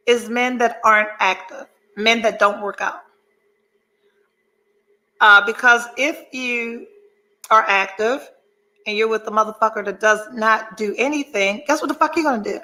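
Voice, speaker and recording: Brash, bright-voiced woman podcast host. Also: sits high, poor audio. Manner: blunt and profane, emphatic, rambling asides. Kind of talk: candid motivational monologue.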